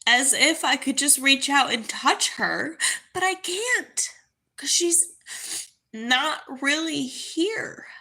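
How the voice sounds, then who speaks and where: A young woman talking to camera in a halting, grieving way, full of fillers and restarts. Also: high voice, expressive, pushed and bright. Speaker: vlogger. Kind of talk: casual spoken monologue.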